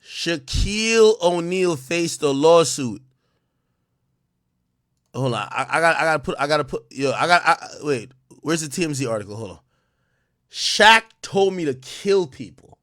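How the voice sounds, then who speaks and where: A man telling a story on a live stream, excitable and profane, jumping between loud outbursts and mumbled asides into a close mic. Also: a little high, measured pace, dry recording.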